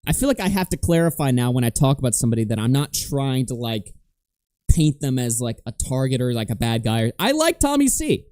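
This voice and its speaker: Heated, profane man with mellow tone. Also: medium pitch, brisk, dry recording, studio quality. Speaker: livestream host. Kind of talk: casual livestream rant and reading donations.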